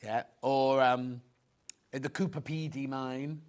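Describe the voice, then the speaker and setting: A man's voice: mid-range voice, fairly even intonation, slow, darkish tone, clean tone. A man presenting fabrics on a live TV shopping show, chatty and rambling, full of anecdotes.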